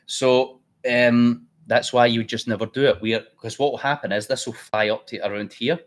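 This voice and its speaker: A man's voice: mid-range voice, fairly even intonation, normal speed. A man hosting a live trading stream, chatty and blunt, thinking aloud as he works. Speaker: trading livestream host. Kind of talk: casual live trading commentary.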